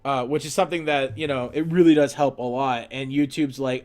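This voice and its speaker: A man's voice: medium pitch, fairly even intonation, fairly quick, few pauses, a little mellow, soft background music. A young man live-streaming while he draws, chatting casually and rambling as he answers viewer questions.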